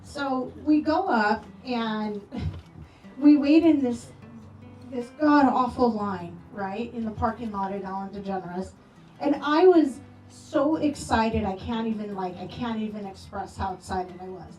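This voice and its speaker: A woman telling affectionate, animated stories about a late friend at a memorial, acting out quoted lines. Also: fairly high pitch, a little slow. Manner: animated storytelling with playful quoted voices. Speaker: memorial speaker. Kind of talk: eulogy storytelling. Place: memorial gathering hall. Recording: roomy echo, distant from mic, soft music.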